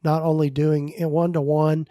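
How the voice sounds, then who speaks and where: Hoarse, easygoing man with a mellow voice. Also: on the high side, level tone, moderate pace, no echo, studio quality. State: hoarse, voice going. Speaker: podcast host and practice consultant. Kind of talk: casual podcast monologue.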